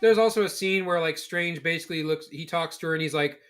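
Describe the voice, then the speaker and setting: A man's voice: a little high, fast, fairly bright tone. A man co-hosting a podcast in casual chat, explaining at length in a blunt way and swearing freely. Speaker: podcast co-host.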